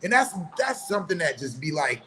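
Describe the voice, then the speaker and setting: A man's voice: fairly high pitch, sing-song, brisk, a bit bright, soft background music, low-quality recording. Heated, preachy man with a slightly raised voice. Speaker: online commentator. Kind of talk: opinion monologue.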